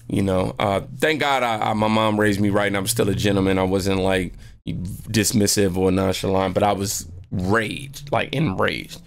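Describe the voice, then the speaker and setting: A man hosting his own channel, telling a personal story in a lively, slangy way and often jumping into high voices to quote people. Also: moderate pace, vocal fry. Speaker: channel host. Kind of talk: storytime vlog.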